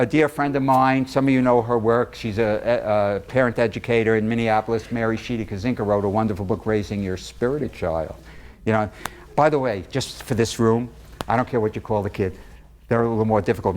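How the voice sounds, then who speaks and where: Man lecturing with lively, joking storytelling. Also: medium pitch. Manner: lively storytelling, acts out quoted dialogue, joking asides. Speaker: psychologist giving a public talk. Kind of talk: lecture to a live audience. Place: room with a live audience.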